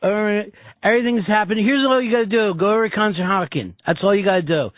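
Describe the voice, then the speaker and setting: A man hosting a call-in talk radio show who cracks profane jokes and takes calls. His voice is high for a man, and the sound is dry and narrow like a phone line. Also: no room sound. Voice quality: laughing, profane, rapid-fire. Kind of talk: casual radio banter. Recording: dry, tinny broadcast audio.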